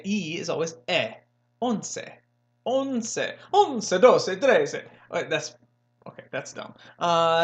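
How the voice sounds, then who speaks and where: A man's voice: fairly high pitch, a bit bright. A young man giving a casual spoken language lesson, rambling and joking as he corrects himself. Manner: rambling, jokey, self-correcting, slow and drawn out. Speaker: language learning host.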